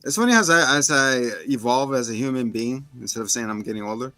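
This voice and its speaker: A man's voice: medium pitch, quick pace, sharp tone, no echo, faint music behind. A man co-hosting a casual movie review podcast, animatedly acting out scenes in little voices. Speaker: podcast co-host.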